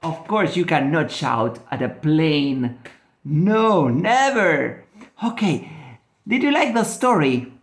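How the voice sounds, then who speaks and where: Slow, lively man teaching children. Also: a little high, echoey room. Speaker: ESL teacher. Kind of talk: children's phonics lesson and storytelling.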